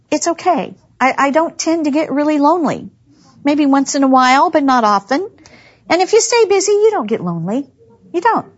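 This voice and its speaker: A woman gives a humorous, chatty devotional talk to women, laughing often as she tells stories. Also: sits high. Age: 60s. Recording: dull lo-fi recording.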